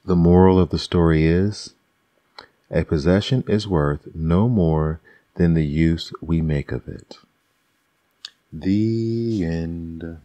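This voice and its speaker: A man reading fables aloud as an ASMR bedtime storyteller, soft and unhurried. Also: low-pitched, no room sound.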